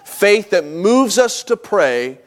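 Male pastor, middle-aged, slightly high voice, homespun sermon storyteller who stumbles and restarts. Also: sing-song, takes it slowly. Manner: folksy storytelling with many restarts. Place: church.

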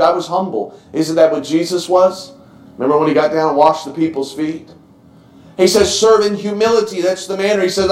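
A man's voice: sits high, darkish tone, echoey room, low-quality recording. A man, preaching a sermon in church, earnest and emotional, often stammering as he restarts his sentences. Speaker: pastor.

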